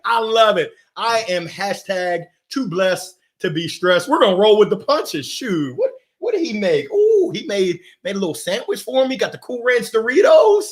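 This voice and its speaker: A man hosting a motivational live stream reads viewer comments and greets people by name, full of exuberance and laughing often. He speaks at a normal speed with few pauses, in a high voice marked by big pitch swings.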